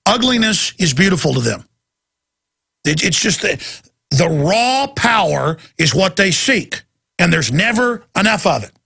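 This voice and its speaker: Gravelly, ranting talk radio host. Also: male voice, high-pitched, sing-song, a little slow, pushed and bright. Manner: intense, ranting, emphatic. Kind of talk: impassioned talk radio monologue.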